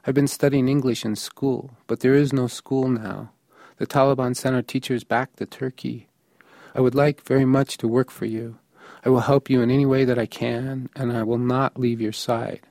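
A man voicing a polite, earnest young man of nineteen with a soft, calm voice. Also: medium pitch, moderate pace, gravelly, dry recording, clean studio sound, lightly acted.

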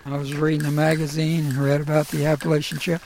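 A middle-aged man telling his own personal story in a halting, emotional way, with many pauses and fillers. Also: on the high side, little pitch movement, darkish tone, a little hiss or hum.

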